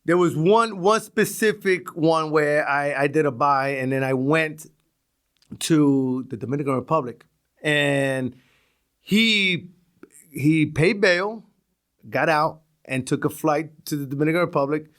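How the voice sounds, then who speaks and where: A middle-aged man with a New York accent, a podcast guest telling stories in a casual, animated way and acting out street talk. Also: fairly high pitch, measured pace. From Brooklyn, New York. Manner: animated, acts out street dialogue, chuckles often. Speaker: podcast guest, retired police officer. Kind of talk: casual storytelling.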